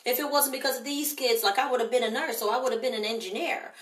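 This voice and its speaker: A woman's voice: fairly high pitch, fast talker, hardly any pauses, a bit bright. Emphatic woman hosting a live show. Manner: emphatic, direct, reads out viewer comments. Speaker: livestream show host. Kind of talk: motivational live talk to viewers. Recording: echoey, distant livestream audio.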